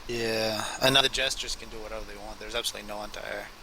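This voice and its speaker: A man giving casual co-commentary on a strategy game, chiming in with quick upbeat remarks. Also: fairly low pitch, fairly even intonation, pushed and bright, slight background noise, low-quality recording.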